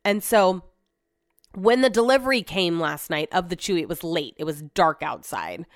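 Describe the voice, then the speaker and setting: A woman's voice: on the low side, expressive, moderate pace, dry recording, clean studio sound. A woman hosting a podcast from home, talking in a rambling, casual way and swearing freely. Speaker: podcast host. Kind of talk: casual solo chat.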